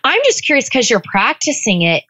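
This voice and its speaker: A woman speaking as an author on a podcast, encouraging and warm, sometimes acting out the inner voices she describes. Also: on the high side, big pitch swings, brisk, highs cut off. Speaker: author and guest expert. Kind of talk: podcast conversation.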